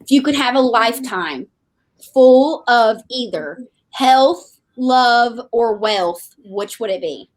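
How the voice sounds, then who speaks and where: Chatty Southern woman, high voice. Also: takes it slowly. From American South. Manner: animated, chatty, laughs often. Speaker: podcast guest, romance author. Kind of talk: casual chat.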